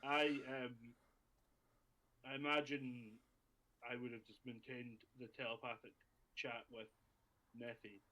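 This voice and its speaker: A man's voice: medium pitch, level tone, sharp tone, rough recording. A man playing a tabletop game in a casual, joking way. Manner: joking and quick to laugh. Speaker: player.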